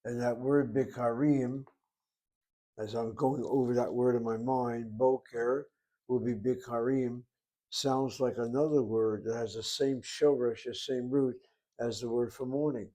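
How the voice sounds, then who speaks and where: A man's voice: mid-range voice, fairly even intonation, unhurried, warm tone. A man giving a classroom lecture on Hebrew grammar, methodically spelling out vowels and letters at the board. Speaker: Hebrew teacher.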